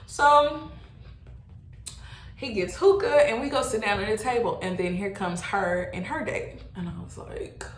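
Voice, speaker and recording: A young adult woman telling a casual storytime, animated and exclaiming, swearing freely. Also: mid-range voice, a little slow. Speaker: vlogger. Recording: roomy echo.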